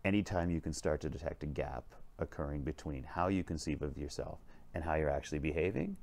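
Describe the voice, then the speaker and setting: A man hosting a vlog, telling a story in a conversational, animated way from inside a vintage train lounge car. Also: a bass voice, a little fast, creaky. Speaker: vlog host and leadership speaker.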